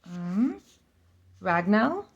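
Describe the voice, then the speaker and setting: A woman chatting casually in a vlog as she flips through an oracle deck, sounding out names slowly and saying them again and again. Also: mid-range voice, sing-song, slightly rough, dull audio. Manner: chatty, practicing name pronunciations slowly and repeatedly.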